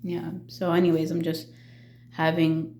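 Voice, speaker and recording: Halting woman in an echoey room. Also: sits low, monotone, creaky, warm tone, a little hiss or hum. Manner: halting, full of fillers and restarts. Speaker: vlogger. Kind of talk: casual personal vlog.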